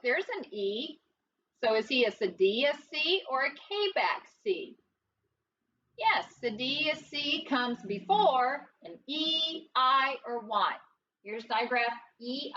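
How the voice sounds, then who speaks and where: A woman's voice: sits high, sharp tone, distant mic, dull audio, a little hiss or hum. A woman teaching a recorded phonics lesson, explaining step by step in a patient, encouraging, sing-song way.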